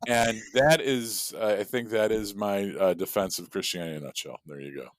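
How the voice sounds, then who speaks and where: A man's voice: lowish voice, brisk, no echo, studio quality. A man co-hosting a casual podcast, telling a long joke in a rambling way with plenty of fillers and swearing. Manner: rambling storyteller with profanity and many fillers. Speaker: podcast co-host.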